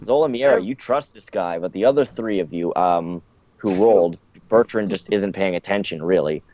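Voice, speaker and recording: Low-voiced man running a tabletop game. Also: normal speed, darkish tone. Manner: hesitant, many fillers. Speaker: dungeon master. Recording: dull lo-fi dry mic.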